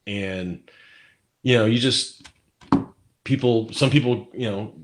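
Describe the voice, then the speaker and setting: A man's voice: fairly low pitch, slow, background noise. A man chatting as an interview guest, rambling with many fillers and restarts. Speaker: guest musician. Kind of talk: casual interview chat.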